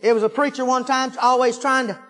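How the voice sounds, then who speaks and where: A man's voice: extremely high pitch, steady tone, brisk, fairly bright tone. A man preaching a sermon, telling folksy stories and breaking into fervent hallelujahs. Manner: folksy storytelling, rising into fervent exclamations. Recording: long hall reverb.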